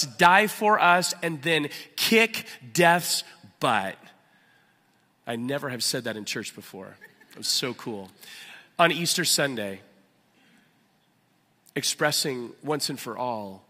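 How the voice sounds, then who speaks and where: A man preaching a sermon as pastor, animated and emphatic, with loud acted outbursts and a hushed, prayerful close. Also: fairly high pitch. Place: church sanctuary. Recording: church hall with long reverb.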